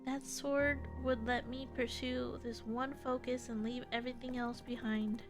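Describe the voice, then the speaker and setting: Woman reading a determined young female fighter, earnest, high voice. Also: level tone, measured pace, over music, close to an everyday voice. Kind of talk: reading game dialogue aloud.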